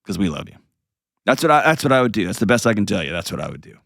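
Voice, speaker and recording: Deep gravelly guy hosting a call-in advice show, earnest, dry close mic. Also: sing-song, fairly bright tone, dry recording. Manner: earnest, emotional, pauses heavily. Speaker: radio show host.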